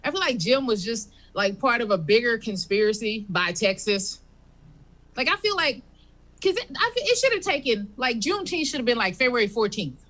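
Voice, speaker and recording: A woman's voice: on the high side, very animated, moderate pace, a bit bright. A woman doing stand-up comedy, telling a rambling, conversational story.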